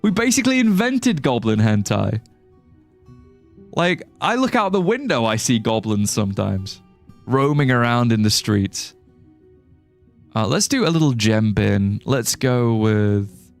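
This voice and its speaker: This young man from the United Kingdom has a British English accent and a fairly low voice with vocal fry. Streaming a game, he keeps up casual, rambling, joking chatter, cursing as he reads chat aloud.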